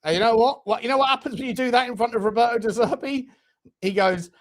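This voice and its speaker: A man with an extremely high-pitched voice talks fairly quickly while hosting a live football watchalong on his fan channel. He chats casually with fans, swearing and laughing often.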